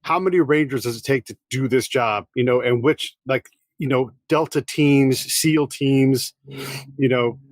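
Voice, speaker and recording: Man host, mid-pitched, conversational, dry close sound. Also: measured pace, no echo. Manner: relaxed, affirming with short replies. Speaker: podcast host. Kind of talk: casual conversation.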